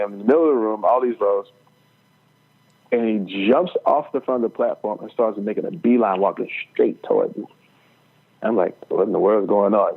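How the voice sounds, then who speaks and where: A middle-aged man telling a personal faith story as a podcast guest, earnest and halting, with many fillers and restarts. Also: lowish voice, vocal fry. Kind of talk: storytelling testimony. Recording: tinny phone-like line.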